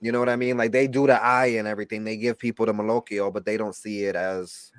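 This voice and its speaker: Man, low voice, dry close sound, sassy, blunt, gossipy, casual chat. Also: steady tone, fast, smooth, no room sound. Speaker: shop owner and host.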